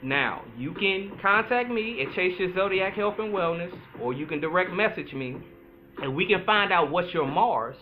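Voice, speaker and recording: Animated man on a tinny line. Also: sits high, slight background noise. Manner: animated, chatty, playful, drawls some words slowly. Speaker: podcast host, astrologer. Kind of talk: casual solo talk. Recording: tinny phone-like sound with faint music.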